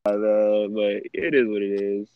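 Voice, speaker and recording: A man's voice: lowish voice, fairly even intonation, measured pace, clear, resonant tone, no echo, phone-quality sound. A man co-hosting a podcast, telling a story in casual slang and laughing as he goes. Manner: slangy, laughs through his stories. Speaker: podcast co-host.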